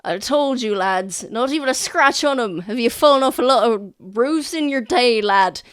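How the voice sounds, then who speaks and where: A woman's voice: fairly high pitch, animated, normal speed, clean tone, no room sound, studio quality, pitched above the performer's own voice, close to an everyday voice. A woman voicing a rowdy soldier who teases a friend in a jovial way. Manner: jovial, teasing.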